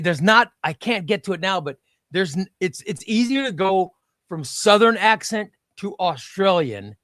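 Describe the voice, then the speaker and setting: A man's voice: high-pitched, expressive, moderate pace, fairly bright tone, dry recording. Rambling man, dry close mic. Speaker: host. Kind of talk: casual chat.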